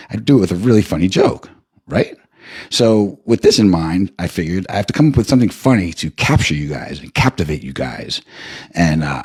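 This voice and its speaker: A man's voice: low voice, a little mellow, husky. A man hosting a livestream, telling a rambling story in a casual, profane way. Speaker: livestream host.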